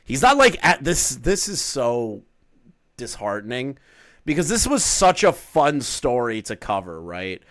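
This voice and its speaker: A man's voice: medium pitch, a little slow, dry recording. Brief: man, live-stream reactor, blunt and mocking, dry close mic. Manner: sarcastic, swings loud and animated; crude, blunt.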